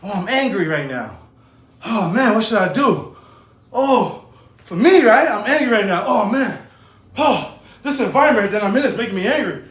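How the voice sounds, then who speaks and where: High, animated New man in an echoey room. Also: moderate pace. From New York. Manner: animated, laughs often, slangy. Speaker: fitness coach and streamer. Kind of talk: casual motivational talk.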